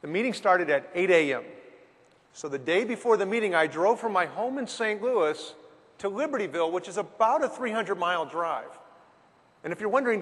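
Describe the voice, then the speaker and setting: High-voiced man telling a story in a hall. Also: husky. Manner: lively storyteller with dramatic pauses. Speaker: business speaker. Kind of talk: storytelling talk. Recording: long hall reverb.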